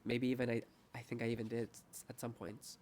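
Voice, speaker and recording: A man's voice: mid-range voice, flat delivery, fast talker, a little mellow, a little hiss or hum. A young man hosting a casual podcast chat, rambling and self-mocking, laughing often and acting out quoted voices. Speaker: podcast host.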